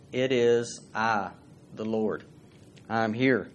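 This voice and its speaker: Man, preacher, folksy sermon, asks questions, mid-pitched voice. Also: measured pace.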